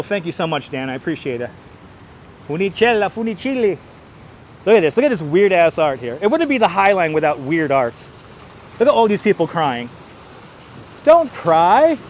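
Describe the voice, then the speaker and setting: This livestream host's voice sits fairly high, with a little background noise behind it. Strolling a city park walkway outdoors, he kids around with his audience, names viewers to thank them, and sings playfully, using a clip-on wireless mic and a gimbal-mounted phone.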